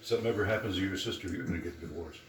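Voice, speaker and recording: Teasing man, low voice, heard across a roomy table in background noise. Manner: teasing, quick, blunt. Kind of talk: casual chat. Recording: roomy, distant, noisy table recording.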